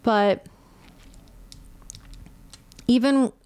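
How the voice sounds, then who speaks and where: A woman's voice: a little high, fairly even intonation, very slow, a little mellow, clear, resonant tone. A woman in her late twenties or thirties hosting a casual solo podcast, talking candidly and with feeling and swearing freely. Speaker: podcast host.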